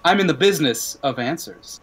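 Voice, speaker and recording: A man's voice: a little high, animated, brisk, fairly bright tone. A man playing a sly woman informant. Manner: smooth, sly, calls people love.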